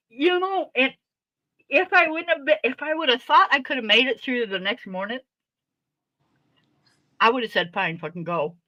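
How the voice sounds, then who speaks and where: A woman's voice: sits high, unhurried, pauses often, no room sound, rough recording. A middle-aged woman hosting a casual chat, telling a story with lots of laughter and free swearing. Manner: animated, laughing often, swearing freely. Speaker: host.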